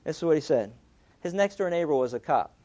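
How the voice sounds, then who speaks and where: A man with a fairly high voice preaches, telling a story in a relaxed, conversational way. He often reads quotes aloud. The recording sounds dull and lo-fi. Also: brisk. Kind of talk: sermon storytelling.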